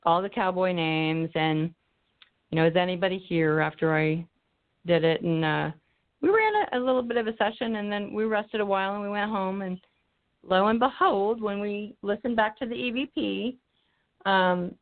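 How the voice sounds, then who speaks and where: This woman, a paranormal investigator from Arizona, keeps restarting and saying um as she rambles through a story for a casual interview. She has a mid-range voice with fairly even intonation and a moderate pace, heard over a tinny, phone-like line as she wanders off her remote mic.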